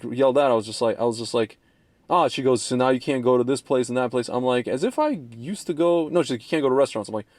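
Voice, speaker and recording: A man's voice: mid-range voice, a little mellow, dry recording. A man in his thirties co-hosting a casual chat show, rambling with restarts, laughing often and acting out quoted voices. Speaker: podcast co-host.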